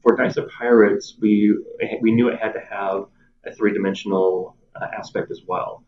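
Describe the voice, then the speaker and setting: A game designer chatting as a guest in a relaxed interview, his voice sitting a little low. He laughs often and slips into short acted quotes. The sound is dull and lo-fi. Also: normal speed. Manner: laughs often, acts out players' lines. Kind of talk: casual interview chat.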